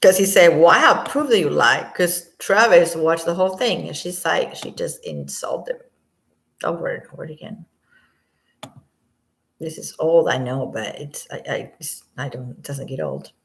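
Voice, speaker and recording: Gravelly low-voiced woman commenting. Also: animated, normal speed. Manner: rambling, drops to a quiet near-whisper at times. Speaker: commentator reacting to audio. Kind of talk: casual commentary.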